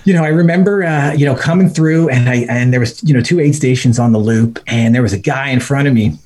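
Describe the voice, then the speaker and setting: Man telling a story with animated self-quotes. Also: mid-range voice, a little fast. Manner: animated, laughs mid-story, acts out his own quotes. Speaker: podcast guest. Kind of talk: casual storytelling.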